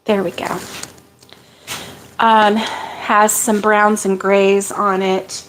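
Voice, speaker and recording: A middle-aged woman chatting casually while sorting yarn for her crochet channel, self-deprecating and quick to laugh. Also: mid-range voice, flat delivery, a little hiss or hum, rough recording. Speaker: crochet vlogger.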